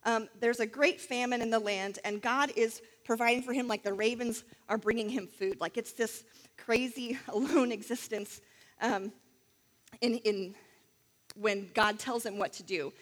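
High-voiced woman telling a Bible story. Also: fairly even intonation, measured pace, in a large hall. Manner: chatty, frequent fillers and asides. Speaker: Bible teacher. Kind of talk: casual sermon storytelling.

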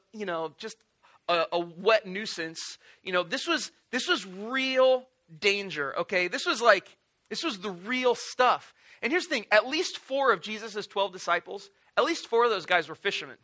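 Bright-voiced, chatty young preacher. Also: male voice, high voice. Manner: casual, animated storytelling with playful asides. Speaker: pastor. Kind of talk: sermon.

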